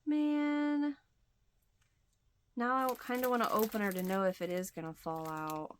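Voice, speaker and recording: This middle-aged woman, host of a crochet channel, tells a story in a casual chat to camera, acting out the quoted lines. Her voice is on the low side, expressive and brisk, and there's a little hiss or hum.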